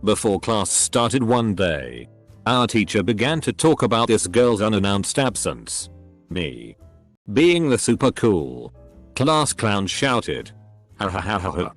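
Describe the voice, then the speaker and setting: A man's voice: fairly low pitch, very animated, slow pace. A man narrating online stories aloud, reading punctuation and acronyms out letter by letter. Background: faint background music.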